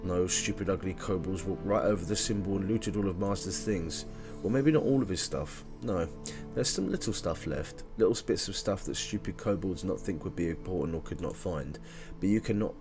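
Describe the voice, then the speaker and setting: A man's voice: deep voice, fairly quick, music in the background. A man putting on a fretful little creature. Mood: indignant chatter. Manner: talks of herself by name, broken grammar, eager. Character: small fretful female lab guardian creature, childlike.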